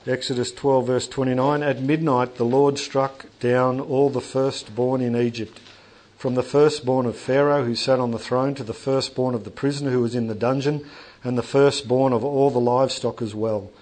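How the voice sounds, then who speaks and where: Animated preacher man. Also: medium pitch, moderate pace. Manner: animated, conversational preaching with jokes to the congregation. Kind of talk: sermon. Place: church hall with congregation.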